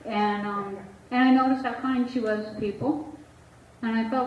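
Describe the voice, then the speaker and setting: This lo-fi, dull recording, made far from the mic in an echoey room with slight background noise, captures a woman therapist speaking openly to an audience about her own life. Her fairly high voice stays fairly even at normal speed as she laughs often and imitates the voices she quotes.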